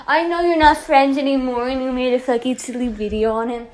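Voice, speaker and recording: A woman delivering an angry podcast rant, swearing heavily and yelling, her voice breaking near tears. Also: sits high, normal speed, few pauses.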